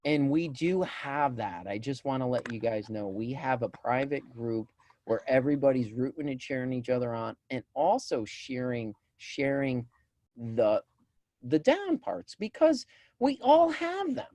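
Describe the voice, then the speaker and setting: A man co-hosting a casual talk show, telling self-deprecating stories with animated energy and bursts of loud laughter. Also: medium pitch, a little slow, no room sound. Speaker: podcast co-host. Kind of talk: casual chat.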